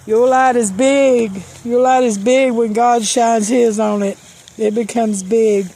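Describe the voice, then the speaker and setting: A woman's voice: on the high side, fairly even intonation, slow pace, mellow. Earnest woman telling a faith story. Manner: earnest, storytelling, repeats phrases for emphasis. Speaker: Christian vlogger. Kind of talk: personal testimony and encouragement.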